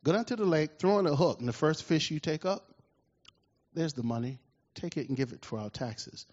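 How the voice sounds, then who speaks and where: A man quoting a calm male teacher giving a plain instruction, with a husky voice on a dull recording. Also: on the high side, moderate pace. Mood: instructing.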